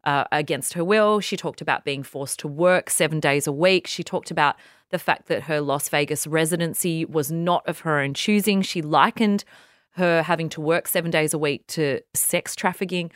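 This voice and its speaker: A woman co-hosting a casual podcast, her voice low and noticeably smooth. She walks through the news earnestly, stacking one point after another. The sound is close and dry, with no room around it. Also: moderate pace, no echo. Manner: earnest, retells news in long lists. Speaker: podcast co-host. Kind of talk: casual chat.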